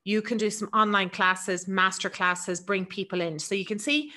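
A middle-aged woman with an Irish accent giving a quick, chatty business webinar presentation. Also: mid-range voice, flat delivery, sharp tone. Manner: fast, chatty, laughs easily.

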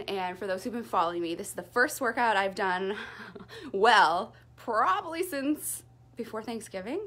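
A young woman vlogging casually at home after a workout, still short of breath, chatty and candid. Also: mid-range voice. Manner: chatty, candid, lively storytelling. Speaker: fitness vlogger. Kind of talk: casual talk to camera.

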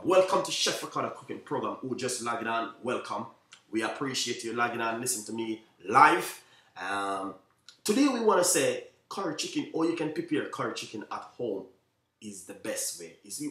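A man with a Jamaican accent, a chef hosting a live cooking stream, chatting to viewers in quick, repetitive talk and often saying "you know what I mean". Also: mid-range voice, sing-song, bright, forceful tone, echoey room, far from the mic. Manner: talks fast, by his own account.

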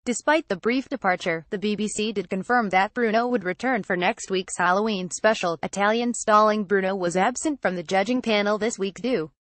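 A woman reads out a news article in a steady, uninflected delivery. Her voice sits at an ordinary middle pitch and sounds close and dry, with no room around it. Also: fairly quick, hardly any pauses, dry recording. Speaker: news reader. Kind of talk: reading an online article aloud.

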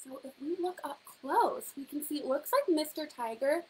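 Lively high-voiced woman reading to kids. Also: normal speed, low-quality recording. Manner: animated, teacherly, asks children questions. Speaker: storyteller reading to children. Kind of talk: children's story time reading.

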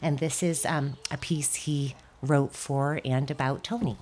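A woman, the daughter of the deceased, speaking in a church at a memorial service, unhurried and hesitant with frequent pauses. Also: sits low, steady tone, darkish tone, a little hiss or hum. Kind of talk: memorial tribute speech.

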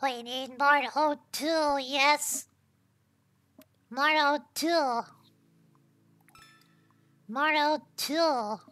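High, bright-voiced woman streaming a game. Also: extremely slow, pauses often, dry recording, faint music behind. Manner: swears freely and ends lines with "yo"; thinks aloud while trying things out. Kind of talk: casual game commentary.

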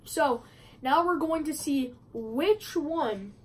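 A woman's voice: high-pitched, animated, takes it slowly, rough recording. A woman chatting casually in a movie review vlog, rambling with many fillers and restarts, filming at a friend's house. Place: a friend's house, not her usual filming spot.

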